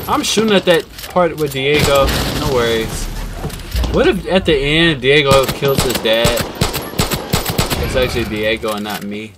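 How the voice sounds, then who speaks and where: Excitable man narrating his gameplay. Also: mid-range voice, moderate pace, noisy background. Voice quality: excitable, jokey, lively swings. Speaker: gaming streamer. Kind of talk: gameplay commentary. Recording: loud game music under voice.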